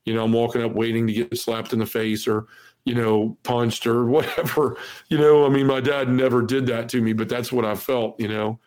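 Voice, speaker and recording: A man's voice: medium pitch, flat delivery, normal speed, a little mellow. A man in his forties, a podcast guest, telling a personal testimony in an earnest way, peppered with "you know", acting out the lines of people in it. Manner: acts out quoted dialogue.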